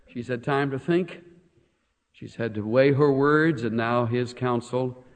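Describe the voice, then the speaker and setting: Man preaching in an echoing hall. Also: medium pitch. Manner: dramatic, swings from hushed to emphatic. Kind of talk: sermon. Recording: long hall reverb.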